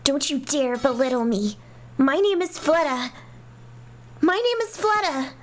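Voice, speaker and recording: Woman dubbing a high-voiced, possessive princess girl, commanding, shrill when pushed. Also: lively intonation, unhurried, slight background noise. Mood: wounded, demanding. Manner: commanding, rising to shrill outbursts. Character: haughty possessive young princess girl, temperamental. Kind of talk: fan dub of game dialogue.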